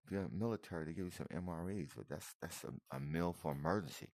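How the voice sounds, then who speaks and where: Talking fast in a low-pitched, slightly mellow voice, a man gives emotional, casual commentary on video footage. He repeats himself a lot and addresses the viewer as "man" and "brother," recorded in clean studio sound with no room noise.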